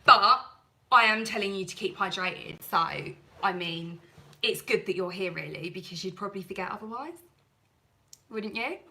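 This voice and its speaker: Chatty woman with a bright tone. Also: medium pitch, lively intonation, moderate pace, poor audio. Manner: chatty, rambling, self-deprecating. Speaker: cleaning channel host. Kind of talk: live stream chat with viewers.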